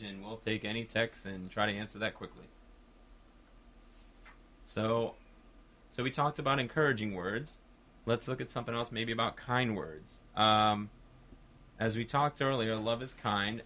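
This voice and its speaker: A man with a lowish voice and a bright, forceful tone hosts a call-in radio talk show. He talks in a casual, rambling, upbeat way into a studio microphone.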